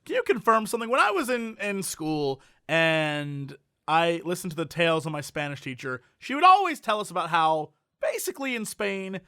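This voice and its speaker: A young man co-hosting a comedy podcast, bantering in a quick, excitable, incredulous way. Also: sits high, clear, resonant tone, no echo, clean studio sound. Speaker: podcast co-host. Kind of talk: casual comedy chat.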